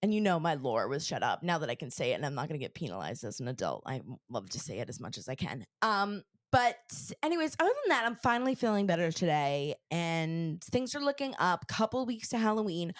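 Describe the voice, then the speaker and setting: A woman co-hosting a podcast, talking in a bubbly, rambling way with plenty of fillers. She is getting over an illness, and her pitch swings widely as she chats. The recording is close and dry. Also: sing-song, fairly quick, hardly any pauses, no echo. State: sick, recovering. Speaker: podcast co-host. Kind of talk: casual chat. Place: Connecticut.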